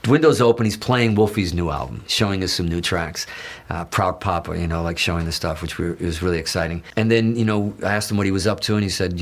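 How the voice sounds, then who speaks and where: Male interview guest, low-pitched, casual storyteller; swears a lot, restarts sentences, voices quoted dialogue. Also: brisk. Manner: animated, profane, restarts often, acts out quoted dialogue.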